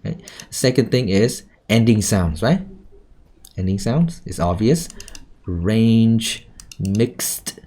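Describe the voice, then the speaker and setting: Man, teacher, lower voice, slow deliberate pace, video call lesson, keeps asking "right?". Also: very animated, warm tone, husky. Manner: questioning, repeats "okay?" and "right?". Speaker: English speaking teacher. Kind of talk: online class teaching.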